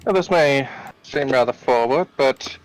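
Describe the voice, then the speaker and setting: A man doing a smooth-talking cleric. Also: mid-range voice, measured pace, a little hiss or hum, natural voice, poor audio. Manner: confident, smooth, flirtatious. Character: smooth charming male human cleric.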